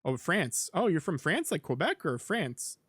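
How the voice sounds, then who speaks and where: A man doing a quick impression of a cheery, overly friendly young man in a bright, breezy tone. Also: on the high side, big pitch swings, breathy edge, no room sound, clean studio sound, pitched above the performer's own voice, heavily acted.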